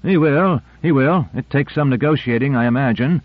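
A man voicing a calm, reassuring male officer, on a narrow-band tape recording. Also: medium pitch, normal speed, no room sound, close to an everyday voice.

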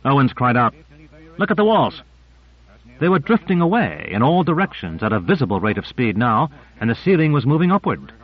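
Male narrator for a novel, steady descriptive read, middle voice, dull lo-fi audio. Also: medium pitch. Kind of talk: scripted narration. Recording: muffled lo-fi recording.

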